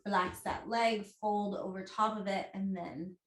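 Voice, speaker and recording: A woman teaches a casual class in a relaxed, chatty way, joking as she goes and dropping plenty of ums. Her voice sits in a middling pitch range. The sound has a noticeable roomy echo around it. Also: measured pace. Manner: chatty and jokey, with frequent ums. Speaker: movement and bodywork instructor.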